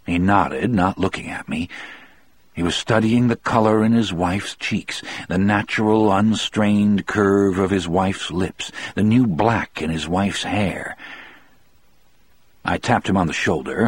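Male audiobook narrator, first-person novel: deep, husky, measured, dry close recording. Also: no echo.

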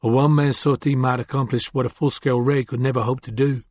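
A man voicing a quiet, composed loner gunman who speaks in a soft drawl. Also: medium pitch, fairly even intonation, fast, no room sound, close to an everyday voice. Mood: calm.

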